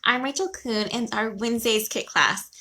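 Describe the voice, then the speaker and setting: Hosting a laid-back live card-stamping class, a woman chats in an upbeat way, laughing and apologizing a lot while she gets set up. Her voice is slightly high and bright, with a forceful tone at a normal speed.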